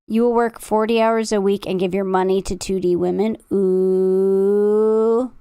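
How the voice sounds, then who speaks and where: A woman's voice: medium pitch, fairly even intonation, a little fast, warm tone, clear, resonant tone, no room sound, clean studio sound. A woman streamer chatting casually through a reaction stream, teasing and crude, laughing often.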